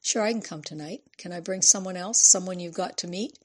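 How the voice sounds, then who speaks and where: A woman's voice: fairly low pitch, fairly quick, husky. A woman voicing a candid middle-aged female writer who speaks frankly and earnestly, in a storybook reading. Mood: brisk.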